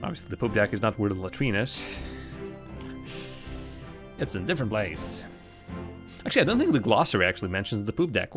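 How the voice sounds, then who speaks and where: A man's voice: fairly low pitch, sing-song, brisk, pauses often, music in the background. A man streaming a game live, chatting casually with viewers and thinking aloud as he plays. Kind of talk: live gameplay commentary.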